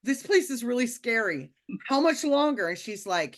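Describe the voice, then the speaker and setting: A woman casually telling a personal spiritual story, animated and acting out the quotes, often laughing. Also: fairly high pitch, normal speed. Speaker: podcast guest telling a testimony.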